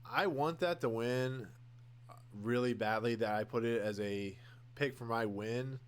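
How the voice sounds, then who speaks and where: A man's voice: medium pitch, a little slow, smooth. A young man hosting a podcast, rambling casually through his opinions with many fillers and restarts, gushing over favorites and candid about dislikes. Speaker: podcast host. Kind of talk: casual solo commentary.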